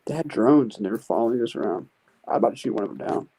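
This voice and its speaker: A man's voice: mid-range voice, animated, quick pace, dark tone, breathy edge, poor audio. A man on a stream call, talking brashly and boastfully. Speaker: stream guest. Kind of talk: casual stream chat.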